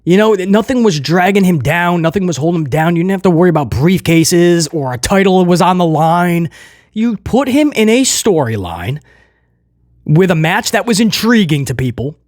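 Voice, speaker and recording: A man reviewing a wrestling show in casual commentary, animated, laughing often and addressing viewers directly. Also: high voice, moderate pace, no echo, clean studio sound.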